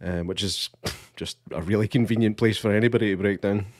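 A man with a Scottish accent, co-hosting a casual podcast, relaxed and hesitant, with dry humour. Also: fairly low pitch, brisk, dry recording. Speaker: podcast co-host.

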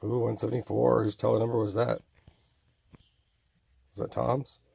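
Rambling alone in a recording he made himself, a man in his forties mumbles, draws out exclamations, and speaks as imagined tormentors. His delivery is flat at a medium pitch, with a gravelly, slightly rough, darkish voice and no room sound.

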